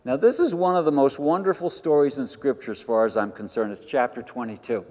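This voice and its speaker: An older man preaching a sermon as pastor, animated, moving between quiet asides and loud emphatic lines. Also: mid-range voice, a little fast, hardly any pauses. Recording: long hall reverb.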